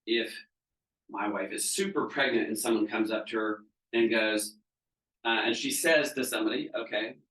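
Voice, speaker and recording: A man's voice: fairly low pitch, normal speed, a bit bright. A man, a business coach, giving a conversational training talk to a group and checking in with the audience as he goes. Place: training seminar room. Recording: roomy room, mic at a distance.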